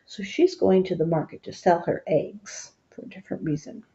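A woman's voice: fairly low pitch, normal speed, creaky, dark tone. A woman reading a picture book aloud, adding explaining asides for young listeners. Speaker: storybook reader. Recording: dull lo-fi recording.

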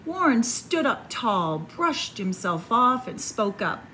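A woman, a children's librarian, reading a picture book aloud to kids in a slow, expressive storytelling voice. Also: on the high side, a little hiss or hum.

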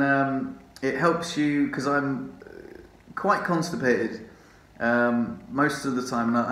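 A man's voice: medium pitch, fairly bright tone. A man vlogging casually from a rehab ward, rambling, drowsy from morphine, swearing and laughing often. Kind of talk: casual vlog chat. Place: rehab hospital room. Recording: roomy echo.

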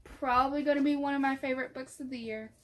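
A woman book vlogger chatting casually and gushing excitedly, often trailing off into soft asides. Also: sits high, fast talker, a little hiss or hum. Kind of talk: casual chat.

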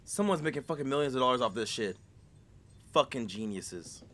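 A man's voice: mid-range voice, lively intonation, fairly quick, fairly bright tone, a little hiss or hum. A man hosting a reaction video, talking in a casual, profane and rambling way full of slang.

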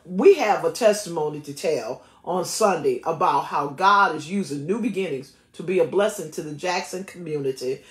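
A woman's voice: deep voice, moderate pace, few pauses, reverberant. A woman pastor, preaching and praying with emphatic delivery and frequent laughter. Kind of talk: sermon and prayer.

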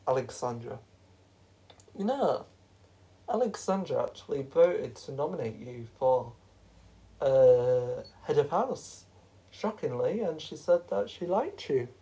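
A hoarse host of a fan-made reality show, chatty and rambling, correcting themself as they go. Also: mid-range voice, very animated, takes it slowly, pauses often, mellow, rough recording. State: hoarse, sore throat.

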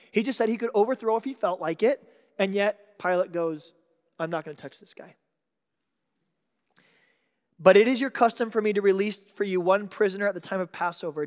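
A man's high, bright voice carries through a large church hall with a long, ringing reverb. He preaches with dramatic swings, dropping to near-whispers and then rising to loud, emphatic declarations. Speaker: pastor. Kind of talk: sermon.

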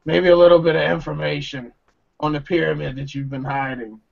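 A man voicing a scheming male adventurer who haggles in a slow drawl, heard on a muffled lo-fi recording. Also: on the high side, little pitch movement, creaky. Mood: bargaining.

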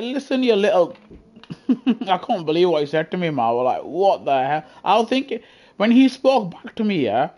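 A man chatting casually on a gaming live stream through a headset, effusive and excitable as he gushes at his viewers. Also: high-pitched. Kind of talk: casual live-stream chat while racing.

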